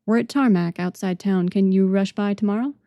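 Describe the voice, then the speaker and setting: Curt male rocket captain, businesslike, mellow voice, dry sound, voiced by a woman. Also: mid-range voice, fairly quick, dry recording, close to an everyday voice.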